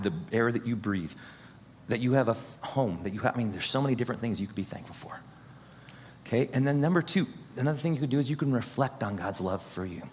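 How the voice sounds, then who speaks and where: A man's voice: medium pitch, a bit bright. A man pastor preaching an earnest, encouraging sermon straight to his congregation. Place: church sanctuary. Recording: husky voice in a long-reverb hall.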